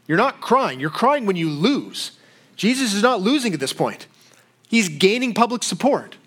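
A man preaching a sermon in a conversational way, often asking rhetorical questions. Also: sits high. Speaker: pastor.

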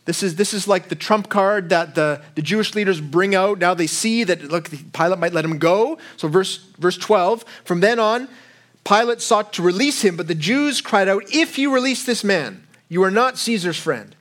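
Man, young adult, high voice, preaching, conversational, animated quotes. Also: normal speed. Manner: conversational, acts out quoted lines with rising voice. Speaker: pastor. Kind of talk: sermon.

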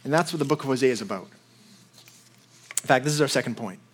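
A man's voice: medium pitch, fast. A man preaching a sermon as pastor, teaching in a conversational way with frequent asides to his listeners.

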